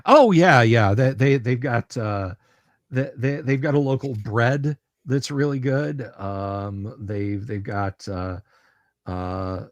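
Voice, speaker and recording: A man's voice: mid-range voice, slow, no room sound. A man running a tabletop game on a livestream, talking in a casual, friendly way and often repeating words as he goes. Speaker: game master.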